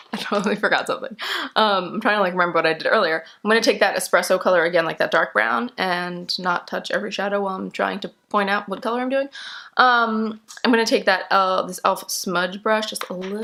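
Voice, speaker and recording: A woman's voice: medium pitch, animated, fast, vocal fry, sharp tone. A young woman chatting her way through a makeup tutorial at home, explaining each step casually and laughing easily. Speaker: makeup vlogger.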